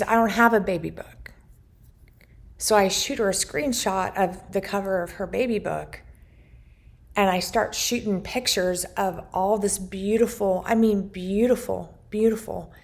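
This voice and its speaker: A woman sharing a personal story of faith, speaking slowly and with care. Her voice carries a gravelly fry, and she sounds heartfelt and sincere as she talks to her viewers. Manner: heartfelt, grows emotional and rising in pitch as she tells it. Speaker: vlogger sharing a faith journal.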